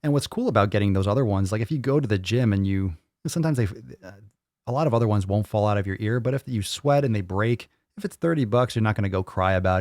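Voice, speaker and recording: A man's voice: fairly low pitch, quick pace, darkish tone, dry recording, studio quality. A man hosting a live fitness Q&A, chatting crudely and joking as he reads viewer comments. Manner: crude, joking, mocks voices of others. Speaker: fitness podcast host. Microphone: studio microphone.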